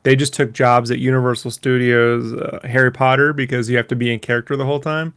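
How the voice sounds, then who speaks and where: A man's voice: medium pitch, little pitch movement, fast talker, a bit bright, clear, resonant tone. A man co-hosting a podcast in a laid-back, slangy, joking way. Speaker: podcast co-host. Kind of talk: casual podcast banter.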